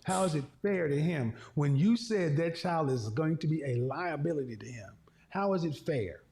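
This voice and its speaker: A man with a high voice lectures a caller bluntly on an advice show. His manner is confrontational and he swears freely. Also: animated, normal speed, darkish tone. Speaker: relationship talk show host.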